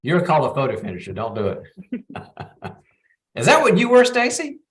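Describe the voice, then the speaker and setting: A man's voice: fairly high pitch, huge pitch swings, normal speed. A middle-aged man hosting a live advice show, coaching callers and acting out both sides of a conversation. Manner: warm coaching, acts out both sides of a talk. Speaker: psychologist host.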